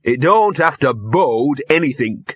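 Guy doing a scruffy cynical little talking dog, husky mutter, dry flat audio. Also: medium pitch, a little slow, dry recording, highs cut off, voice pushed up. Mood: grumbling. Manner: gloomy, streetwise mutter.

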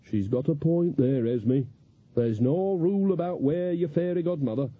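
A woman's voice: sits low, normal speed, slightly rough, no echo, pitched above the performer's own voice. A male narrator voicing an earthy, practical old witch woman who speaks in a homely, plain-spoken way, in an audiobook reading on a slightly dull lo-fi recording. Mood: bossy.

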